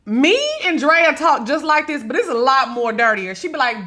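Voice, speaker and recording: Sassy bright-voiced woman podcast host. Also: high-pitched, normal speed, hardly any pauses. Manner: sassy, blunt, swears freely, dramatic. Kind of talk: casual gossip commentary.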